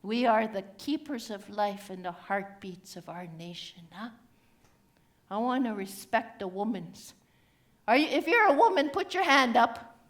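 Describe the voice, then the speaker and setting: A woman's voice: a little high, lively intonation, a little slow. A woman playing a cheeky old Cree auntie. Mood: coaxing. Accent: Cree-inflected English. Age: older. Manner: teasing, chatty, drops grammar endings. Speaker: stage storyteller. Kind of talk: live comedic character monologue.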